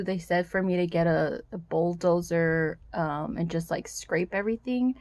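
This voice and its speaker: A woman's voice: on the low side, moderate pace, a little mellow, dry recording. A woman vlogging in her yard about work on her rural home, talking frankly and swearing freely as she gets frustrated. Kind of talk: casual vlog monologue. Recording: faint wind and outdoor noise.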